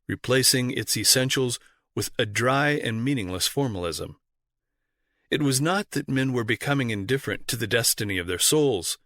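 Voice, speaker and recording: A man reading a history audiobook aloud in a measured, formal narration style. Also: mid-range voice, pushed and bright, no room sound, studio quality. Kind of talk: scripted narration.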